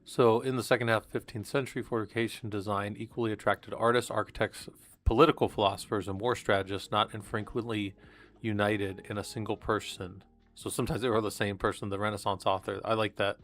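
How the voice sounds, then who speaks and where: A man's voice: lowish voice, flat delivery, fairly quick, a bit bright. A man reading research papers aloud on a live stream and commenting casually between passages, with fillers and restarts. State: coughing, hiccups.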